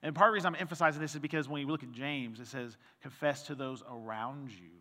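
A man's voice: mid-range voice, quick pace, bright, forceful tone, big-room sound. A male pastor giving a conversational sermon, telling a personal story with quoted dialogue and reading scripture aloud.

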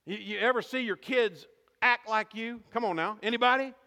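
A man's voice: high voice, normal speed, bright, forceful tone, long reverb tail. A man preaching a sermon as pastor, asking the congregation questions and calling for responses.

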